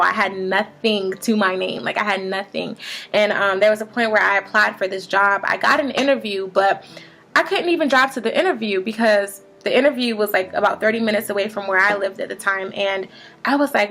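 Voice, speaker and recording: A woman's voice: medium pitch, creaky, a bit bright. Chatty young woman telling a testimony. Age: 20s. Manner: chatty, many fillers like "um" and "like". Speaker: vlogger sharing a faith testimony. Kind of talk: casual testimony storytelling.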